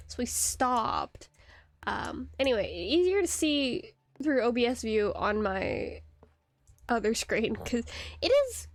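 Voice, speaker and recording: This young woman's voice is a little high, with no echo. At her home computer setup she streams a game and answers her chat casually, rambling along and giggling.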